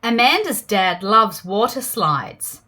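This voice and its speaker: With a mid-range voice and no rush, a woman with an Australian accent reads children's picture books aloud. Her reading is animated, full of gasps and playful sound effects meant for kids.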